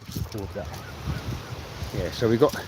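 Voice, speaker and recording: A man's voice: fairly low pitch, normal speed. A man rambling in friendly chatter to live-stream viewers while fishing outdoors on a beach. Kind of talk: casual live-stream chat. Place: outdoors on a shingle beach by the sea. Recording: loud wind and surf outdoors.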